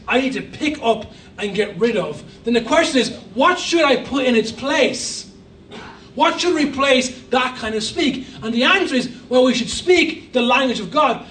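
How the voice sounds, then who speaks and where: A man's voice: extremely high pitch, a bit bright, roomy sound, recorded from a distance, slight background noise, rough recording. A man preaching a sermon as a guest pastor, emphatic with humorous asides. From Ireland. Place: church hall.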